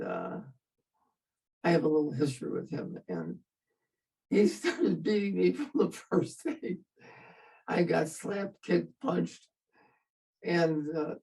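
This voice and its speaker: A man's voice: a little high, gravelly, mellow, distant mic, poor audio. An older man, a veteran, telling his story in an interview in a wry, self-mocking way and laughing at himself.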